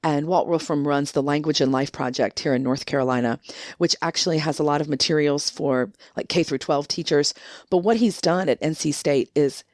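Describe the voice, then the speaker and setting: A low-pitched woman speaks as a podcast guest, recounting stories with emphatic, indignant stress and frequent restarts. Her voice is close to the mic and dry, with no room sound. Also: a little fast, darkish tone, dry recording. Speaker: guest, book contributor. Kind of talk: animated conversational storytelling.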